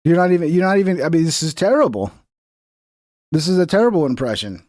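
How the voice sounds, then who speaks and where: A man's voice: a little high, big pitch swings, fast talker, a little mellow, no room sound, clean studio sound. A man in his thirties from Texas, giving casual, profane, sarcastic commentary on clips.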